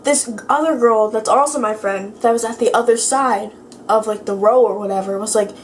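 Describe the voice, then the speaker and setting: A teenage girl vlogging in a casual chat, her voice lowered by illness, rambling and filling her speech with "like". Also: normal speed, slight background noise. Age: teens. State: sick, voice lower than usual.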